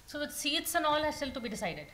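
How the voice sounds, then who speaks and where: A woman with an Indian English accent hosting a televised panel discussion, brisk and teasing as she pushes her guests for answers. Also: high voice, very animated, fairly bright tone. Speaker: TV news host.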